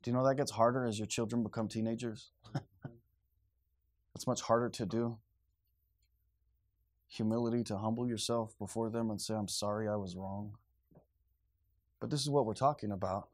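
A man in his thirties preaching a sermon in a conversational, animated way, acting out quotes and asides. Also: medium pitch, a little fast, pauses often. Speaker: pastor.

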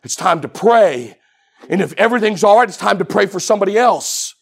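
A man delivers a sermon in a high, husky voice with a gravelly edge. He tells his story with lively swings, going from near-whispers up to full shouts. His pitch ranges widely. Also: a little fast. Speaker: preacher.

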